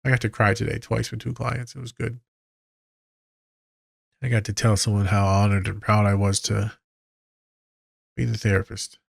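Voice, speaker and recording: A man's voice: lowish voice, flat delivery, moderate pace, gravelly, pauses often, dry recording, clean studio sound. A man, a therapist hosting a podcast, talking casually, candid and profane with a joking edge.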